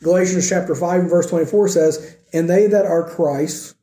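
A man preaching a sermon with earnest emphasis, swinging between raised emphatic points and quiet, soft asides. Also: sits high, fairly even intonation, normal speed, roomy sound. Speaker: pastor.

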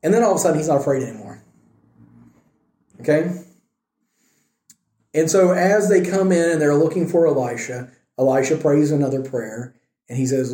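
A man's voice: on the high side, moderate pace, long pauses, mellow, reverberant. Man retelling scripture with wry asides. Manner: conversational, storytelling, wry asides. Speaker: Bible study teacher. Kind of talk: casual Bible lesson.

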